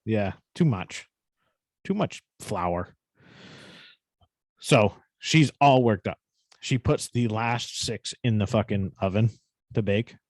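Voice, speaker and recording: A man's voice: lowish voice, takes it slowly, pauses often, darkish tone, no room sound. A man co-hosting a podcast, telling a story in casual, profane chat with a New England accent. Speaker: podcast co-host.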